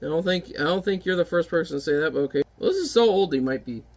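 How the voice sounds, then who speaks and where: A man with a notably high voice chatting his way through an old comic. His remarks are wry, offhand and casual, with a relaxed reviewer's flow. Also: fast. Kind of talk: casual commentary.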